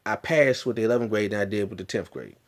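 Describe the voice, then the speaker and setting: A man's voice: on the low side, fast. A man vlogging a personal story in an earnest, emphatic way, often restarting and repeating himself.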